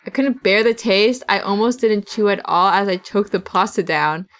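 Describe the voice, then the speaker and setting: A woman's voice: medium pitch, normal speed, fairly bright tone. A young woman streamer casually reading a visual novel aloud, swearing and laughing at the script and acting out its tense passages. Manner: reads the game text dramatically. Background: faint game music.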